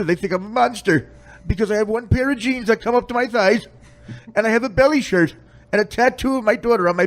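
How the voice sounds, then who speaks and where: A man voicing a rambling, drugged-out, grieving older grandmother from Florida with a rough, drawling Southern US accent that slips into bad grammar. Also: high-pitched. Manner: repetitive, rambling.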